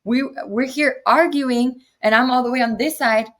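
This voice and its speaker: A woman's voice: sits high, moderate pace. Woman telling her story, acting out quotes. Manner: animated retelling with acted quotes. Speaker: interview guest. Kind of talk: personal storytelling.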